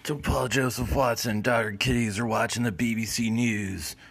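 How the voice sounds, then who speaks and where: A hoarse man hosting a podcast, telling a crude comic story in a laid-back, profane way. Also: mid-range voice, steady tone, moderate pace, fairly bright tone. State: hoarse from illness. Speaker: podcast host. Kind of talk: comedic storytelling.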